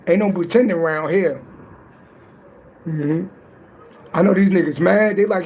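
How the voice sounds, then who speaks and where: High-voiced man rapping roasts on a livestream. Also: a little slow, long pauses, darkish tone. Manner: playful rhyming roasts, trash talk. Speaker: livestream psychic reader. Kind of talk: live-stream chat and reading aloud.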